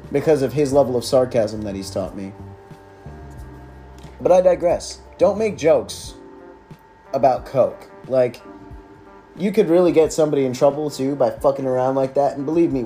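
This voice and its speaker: A man's voice: mid-range voice, moderate pace, warm tone, soft background music. A young man hosting a podcast, telling a school story in a casual, sarcastic, profane way with lots of filler words. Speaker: podcast host.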